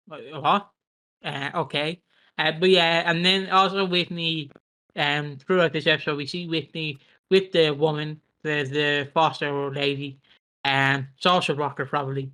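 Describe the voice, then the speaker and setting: Man, podcast co-host, animated recap, swears a lot, bright ringing voice. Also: fairly high pitch, a little slow, rough recording. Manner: animated, sweary, recapping with lots of acted quotes. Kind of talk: casual chat.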